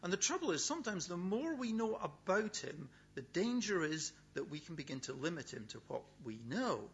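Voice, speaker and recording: A middle-aged man preaching a sermon, emphatic, repeating key words with pauses for weight. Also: high voice, sing-song, a bit bright. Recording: dull, lo-fi sound with faint hum.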